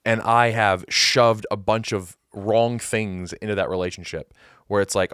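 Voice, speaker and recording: Low-voiced earnest male podcast host. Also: fairly even intonation, a little slow, fairly bright tone, clear, resonant tone, dry recording, clean studio sound. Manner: earnest, reflective, thinks aloud with restarts. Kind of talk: casual conversation about the Bible.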